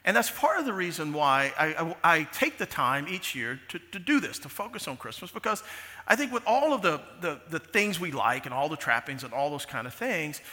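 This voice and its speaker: A man's voice: fairly high pitch, big pitch swings, a little fast, sharp tone, big-room sound. A man preaching a sermon as pastor, conversational and full of restarts and fillers, in a large church sanctuary.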